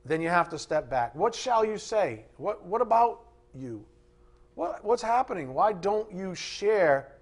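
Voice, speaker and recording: A man preaching a sermon, reading scripture aloud and repeating key words for emphasis. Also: on the high side.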